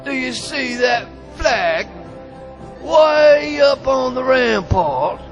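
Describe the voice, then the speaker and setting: Guy doing a smug british admiral, voice pushed way up high, stretches out every taunt, soft music under it. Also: expressive, highs cut off, full character voice. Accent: put-on British. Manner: gloating, drawn-out taunting. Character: boastful British naval admiral, middle-aged man.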